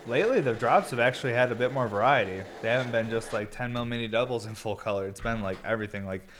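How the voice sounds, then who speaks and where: A man's voice: medium pitch, quick pace, fairly bright tone. A young man hosting a solo podcast, rambling in a laid-back, stoned way, full of filler words and casual swearing. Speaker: podcast host and glass blower.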